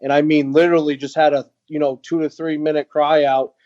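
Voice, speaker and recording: Halting, earnest male veteran guest. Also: fairly high pitch, little pitch movement, a little mellow, dull audio. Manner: halting, frequent "uh" and restarts, earnest. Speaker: guest, veteran who runs an outdoor organization for veterans. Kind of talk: candid storytelling in interview.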